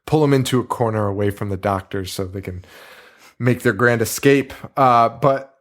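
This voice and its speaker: A man's voice: mid-range voice, normal speed. A man co-hosting a podcast, chatting casually about a movie, swearing freely and acting out scenes. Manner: animated, swears freely, acts out scenes with silly voices. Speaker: podcast co-host. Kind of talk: casual movie review chat.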